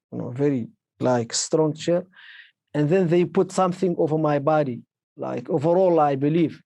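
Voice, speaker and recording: Halting man speaking English as a second language. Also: fairly high pitch, mellow, dry recording. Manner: halting, with many restarts and fillers. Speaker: interviewee. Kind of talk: personal testimony.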